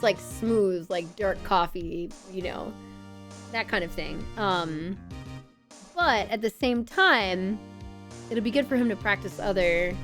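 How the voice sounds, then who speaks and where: Chatty young woman streamer. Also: fairly high pitch. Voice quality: chatty, excitable, fond of "like". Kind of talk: casual live-stream chat.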